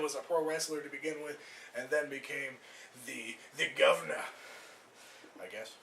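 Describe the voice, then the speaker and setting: Stand-up comic, man, high bright voice, lively delivery, roomy far-off recording. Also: a little hiss or hum. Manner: loose rambling delivery with acted-out voices and swearing. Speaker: stand-up comedian. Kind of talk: stand-up comedy set. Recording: echoey room recorded from afar.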